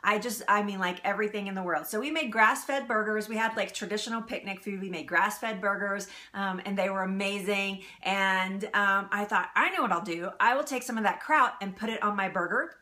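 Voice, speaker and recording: Bright-voiced chatty woman streaming live. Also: mid-range voice, moderate pace, few pauses. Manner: chatty, laughs often, reads out viewer comments. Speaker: live-stream cooking host. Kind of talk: casual live-stream chat. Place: home kitchen.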